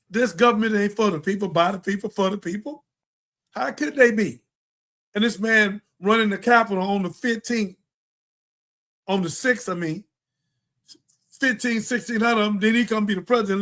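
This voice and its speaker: Man, high voice, preachy, emphatic, rambling, talk show host. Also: a bit bright. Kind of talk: impassioned political monologue.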